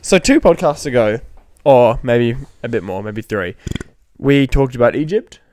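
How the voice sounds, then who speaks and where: A man's voice: animated, unhurried, darkish tone, a little hiss or hum. A young man, co-hosting a casual podcast chat and telling rambling stories with lots of fillers. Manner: rambling storyteller who jumps pitch acting out quotes. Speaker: podcast co-host.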